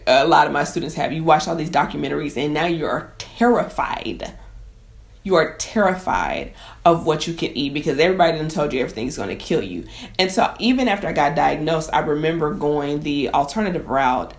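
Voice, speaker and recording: A low-voiced woman who works as a chef and cooking teacher tells a personal story to camera. She's emotional and conversational, calling her viewers y'all.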